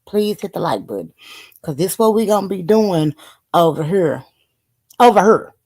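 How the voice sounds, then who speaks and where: Low raspy woman chatting on her stream, begging for likes, cussing a lot. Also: animated, moderate pace, a little mellow. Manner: pleading, chatty, swears freely. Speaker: stream host. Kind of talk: casual live-stream chat.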